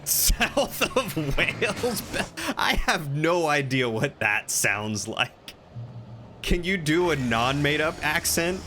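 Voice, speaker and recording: A man streams a game and chats in a slow, unhurried way. He is playful and self-mocking, and he often laughs at his own accent attempts. A faint hiss sits behind him. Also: fairly high pitch, lively intonation, pushed and bright. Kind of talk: live game stream chat.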